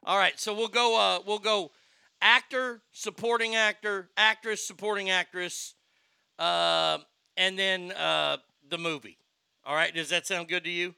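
A man's voice: high voice, fairly even intonation, a little slow, creaky, pushed and bright, clean tone, no room sound. A man hosting a casual podcast chat, brash, joking and profane. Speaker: host.

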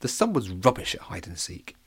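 A man's voice: low-pitched, huge pitch swings, a little fast, fairly bright tone, breathy edge. A man narrating a children's audiobook, with playful asides to his listeners. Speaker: storyteller.

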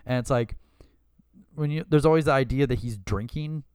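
A man's voice: mid-range voice, moderate pace, darkish tone, clear, resonant tone, dry recording, clean studio sound. A man co-hosting a podcast, chatting casually in a rambling way, full of fillers and laughs. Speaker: podcast co-host. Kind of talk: casual chat.

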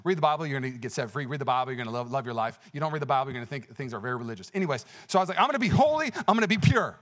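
A male pastor preaching a sermon, telling personal stories with energetic exclamations and a conversational, filler-heavy delivery. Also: medium pitch, very fast. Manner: conversational with many fillers and restarts.

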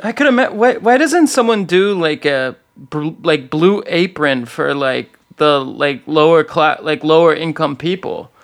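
A panelist in a casual chat speaks with a gravelly edge at a mid pitch. Their contributions come as wry, joking asides. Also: lively intonation, unhurried. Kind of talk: casual discussion.

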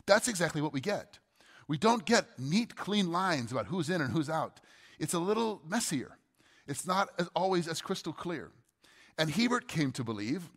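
A man's voice: on the high side, a bit bright, big-room sound. A man preaching a teaching sermon, explaining carefully, posing rhetorical questions and stressing key words. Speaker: pastor.

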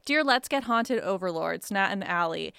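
Podcast co-host, woman; mid-range pitch, smooth dry tone, reads fan mail with deadpan asides. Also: moderate pace, no room sound. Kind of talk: casual chat, reading listener mail.

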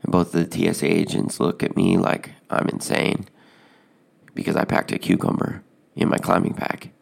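Deep, gravelly man with a flat, deadpan delivery, telling a personal story with plenty of ums. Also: moderate pace. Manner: deadpan, hesitant with fillers.

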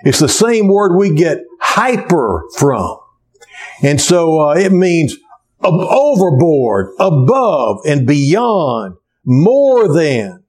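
A man's voice: on the high side, sing-song, slow, a little mellow. A man preaching a sermon to a church congregation, with an emphatic cadence that rises and falls.

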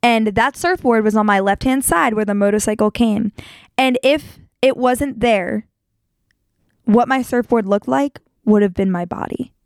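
A young woman hosting a show, telling a personal story in a casual, animated way and leaping up in pitch when she acts out what people said. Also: unhurried, no echo. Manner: animated, jumps to high pitch acting out quotes. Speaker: podcast host.

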